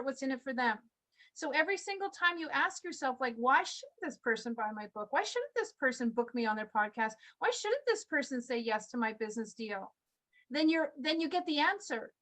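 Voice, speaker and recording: A woman's voice: sits high, fairly bright tone. A woman leading a group video call as a motivational coach, enthusiastic and encouraging, full of rhetorical questions.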